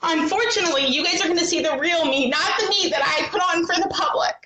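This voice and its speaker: A woman's voice: very high voice, quick pace, a loud crowd. A woman talking into her phone on a livestream, agitated and defiant, swearing as she tells her own story. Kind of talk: emotional livestream monologue.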